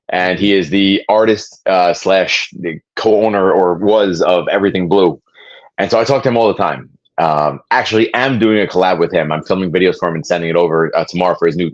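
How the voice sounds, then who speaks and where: A low-voiced man chatting as an interview guest, enthusiastic and easygoing. He keeps dropping "man" into his sentences, and the recording sounds a little dull. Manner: enthusiastic, peppers speech with "man". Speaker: guest, physical media collector. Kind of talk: casual interview chat.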